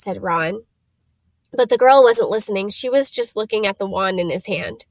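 A woman reading a storybook aloud, steady with small stumbles over names. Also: mid-range voice, moderate pace, dry recording. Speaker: reader.

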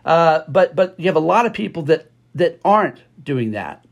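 Emphatic man with a higher voice. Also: big pitch swings, moderate pace, gravelly. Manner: emphatic, repeats words for stress; frequent fillers and restarts. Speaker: podcast host. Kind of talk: opinionated market commentary.

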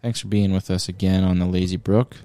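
A man's voice: deep voice, level tone, a little fast, mellow, smooth, no room sound. A man co-hosting a podcast in casual, rambling, playful chat, sounding tired. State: tired, yawning. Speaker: podcast co-host.

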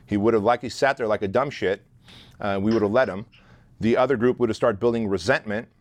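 A man's voice: lowish voice, fast, no room sound. A man telling a story as an interview guest, blunt and profane, speaking animatedly about leading a team. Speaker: guest, leadership instructor.

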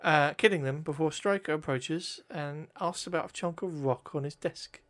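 A man's voice: on the high side, normal speed, a bit bright. A man co-hosting a casual podcast, recapping a film plot in a wry, chatty way with plenty of ums.

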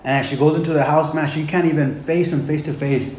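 A man's voice: fairly high pitch, steady tone, fairly quick, darkish tone. A man preaching a sermon in a casual, conversational way, often saying "man" and "right?" and retelling scripture in plain everyday words. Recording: echoey room with faint background noise.

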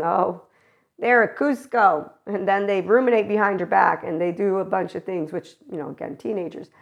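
Casting: woman host with a creaky, gravelly tone, rambling spiritual monologue, acts out quotes. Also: medium pitch, muffled recording. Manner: rambling, animated, acts out quoted voices, laughs often. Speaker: spiritual channeler and podcast host.

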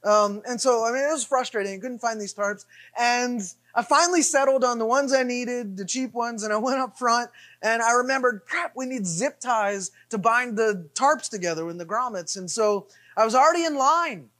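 A middle-aged man preaching, telling a self-deprecating story in an animated way with repeated refrains. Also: very high voice, normal speed, few pauses. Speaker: pastor. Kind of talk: sermon storytelling.

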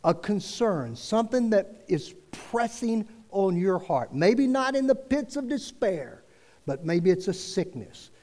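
Lively high-voiced preacher in reverberant church. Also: male voice. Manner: earnest, preacherly rises and drops, slow emphatic phrasing. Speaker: pastor. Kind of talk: sermon. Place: church sanctuary. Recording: long reverb of a church hall.

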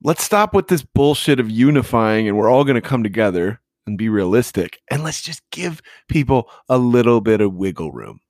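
A man's voice: medium pitch, very animated, moderate pace, few pauses, darkish tone, no echo, studio quality. A man hosting a podcast in casual chat, laid-back and profane, laughing easily. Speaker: podcast host.

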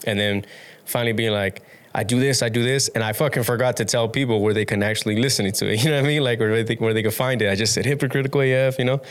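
Rambling, low-voiced young man guest. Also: fairly even intonation, rapid-fire, clear, resonant tone. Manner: rambling, restarts, swears casually, laughs often. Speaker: podcast guest. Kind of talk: casual interview chat.

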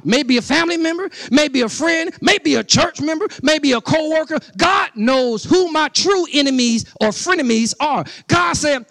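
A man's voice: extremely high pitch, a bit bright, no room sound, clean studio sound. A middle-aged man preaching a sermon as pastor, speaking conversationally with asides to the congregation and building into rising outbursts with repeated phrases.

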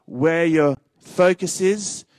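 Animated pastor preaching. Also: male voice, fairly high pitch, takes it slowly, no room sound, poor audio. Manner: animated preaching with repeated phrases and jokes to the congregation. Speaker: senior pastor. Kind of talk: sermon.

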